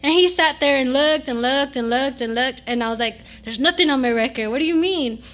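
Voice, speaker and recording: A young woman chats on a podcast with a high, bright voice. She spins an embarrassing story with animated energy, laughing and swearing along the way. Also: brisk. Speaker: podcast co-host. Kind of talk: casual chat, storytelling.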